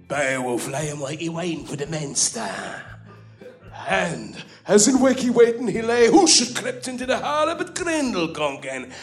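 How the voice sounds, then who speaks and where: A man performing a boisterous story beast who retells an epic live in broken English, swearing and shouting sound effects. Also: high voice, exaggerated voice. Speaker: comedy performer.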